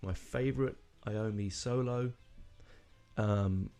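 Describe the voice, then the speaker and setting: A man hosts a solo podcast in a low, gravelly voice. He rambles through his thoughts with fillers and restarts and lets his feelings show. His tone is mellow and dark. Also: fairly even intonation, slow pace, faint music behind. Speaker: podcast host. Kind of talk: casual solo podcast talk.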